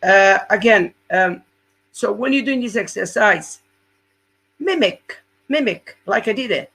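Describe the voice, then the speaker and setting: A man's voice: high-pitched, lively intonation, a little slow, gravelly, sharp tone, slightly rough. A man teaching core exercises in a live webinar as a fitness coach, explaining step by step in non-native English and often checking in with "yeah?".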